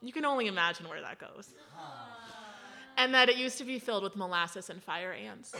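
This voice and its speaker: A woman in her thirties telling a casual story, animated, laughing often and saying "like" a lot. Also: mid-range voice, moderate pace, noisy background. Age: 30s.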